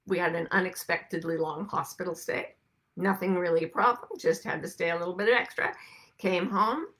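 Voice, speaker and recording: A woman's voice: mid-range voice, bright, forceful tone. A woman hosting her weekly broadcast, talking to viewers in a rambling, conversational way with frequent asides. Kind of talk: casual monologue to viewers.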